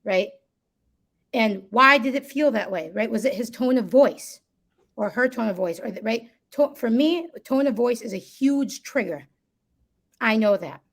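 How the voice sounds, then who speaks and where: A woman's voice: on the high side, expressive, unhurried. A woman speaking as a guest in a live conversation, explaining reflectively and often checking in with "right?". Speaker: guest, listening workshop co-founder.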